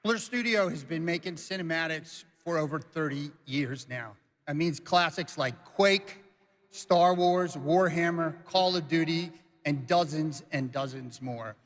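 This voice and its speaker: A man's voice: on the high side, measured pace. Emotional man presenting on a stage. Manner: emotional, choked up. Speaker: studio co-founder presenting on stage. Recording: long hall reverb on stage.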